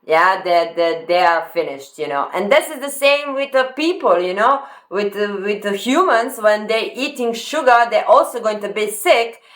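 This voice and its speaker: A woman hosting a reaction video, commenting on a clip in halting phrasing that repeats words as she goes. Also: mid-range voice, animated.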